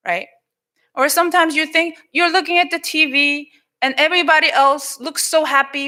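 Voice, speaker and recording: A woman with a Korean accent preaches to children in a church, her higher voice bright and forceful. She tells the Bible story in an animated way, acts out the characters and switches between English and Korean as she speaks. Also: moderate pace. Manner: animated, acts out quoted lines. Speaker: pastor. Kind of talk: children's sermon. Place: church sanctuary.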